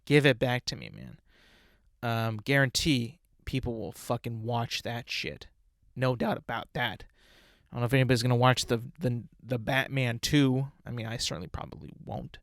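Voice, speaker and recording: A man's voice: mid-range voice, expressive, moderate pace, creaky, dry recording, clean studio sound. A young man hosting his own podcast, ranting bluntly and profanely with lots of restarts and tangents. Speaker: podcast host. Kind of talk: casual solo podcast rant.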